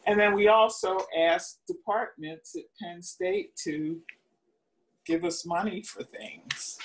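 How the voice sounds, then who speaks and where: A woman in her seventies, an alumna giving an oral history interview, unhurried and searching for details as she reminisces. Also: on the low side, a little hiss or hum, low-quality recording.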